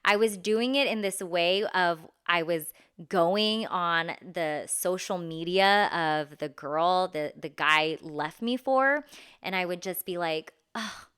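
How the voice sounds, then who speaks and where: A young woman hosting a podcast, telling a personal story in a candid, animated, slangy way with frequent laughs. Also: fairly low pitch, slow pace, clean tone. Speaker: podcast host.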